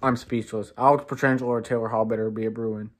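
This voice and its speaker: A woman hosting a sports fan channel, giving an exasperated, scolding reaction rant that swings between low muttering and raised outbursts. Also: fairly even intonation, fast.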